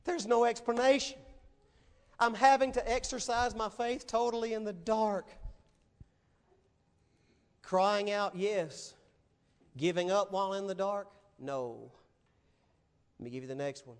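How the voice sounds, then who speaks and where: Male pastor, high voice, emphatic dramatic preaching, long hall reverb. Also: a little slow, long pauses, smooth. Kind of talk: sermon.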